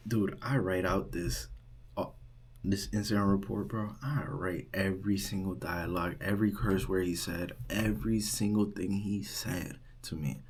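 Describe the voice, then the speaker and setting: A young man working as a resident assistant tells a storytime vlog in a casual, animated way, full of "like" and "right?". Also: sits low, moderate pace, husky. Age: young adult. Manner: animated retelling, heavy use of "like" and "right?".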